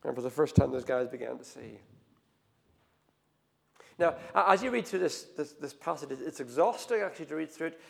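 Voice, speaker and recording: Man, preaching, gravelly voice, dynamic hushed-to-loud storytelling, long hall reverb. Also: fairly high pitch, lively intonation, fairly quick, long pauses. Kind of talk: sermon.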